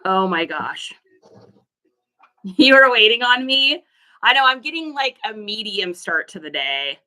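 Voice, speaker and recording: Chatty reseller lady on a livestream, bright tone, friendly chatter with viewers. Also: fairly high pitch, very animated, unhurried. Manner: chatty, laughs often, greets viewers by name. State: allergies, puffy eyes. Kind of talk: casual livestream chat with viewers.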